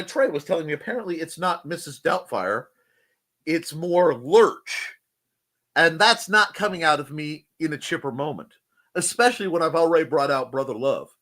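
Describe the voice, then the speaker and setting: A man's voice: fairly high pitch, fairly bright tone. A man hosting a casual live chat show, playful and jokey, often breaking into silly voices. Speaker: host.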